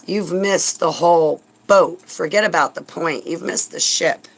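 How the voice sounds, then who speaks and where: A woman's voice: on the low side, measured pace, creaky, rough recording. A woman vlogger delivering a heated, sarcastic religious rant, indignant and swearing when angry.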